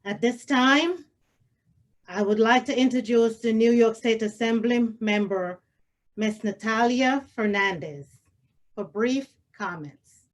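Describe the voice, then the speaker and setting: Woman, higher pitch, slow deliberate pace, formal emcee introductions. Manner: measured, formal. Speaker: event emcee. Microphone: video call.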